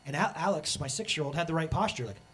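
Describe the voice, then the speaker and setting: A man in his thirties preaching a sermon as pastor, animated and acting out the voices he quotes. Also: fairly high pitch, fast, husky.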